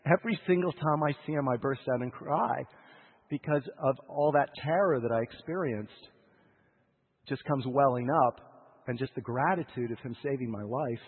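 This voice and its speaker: Husky preacher on tinny radio. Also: male voice, normal speed. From United States. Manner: emotional, swings between loud urgency and hushed lows. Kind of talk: sermon storytelling. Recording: tinny radio broadcast with long hall reverb.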